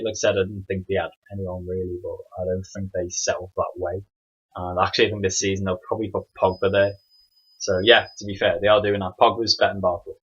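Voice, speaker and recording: A man's voice: fairly low pitch, fairly bright tone, breathy edge, muffled recording. A young man hosting a casual solo football podcast, rambling and opinionated with frequent ums and asides. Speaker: podcast host.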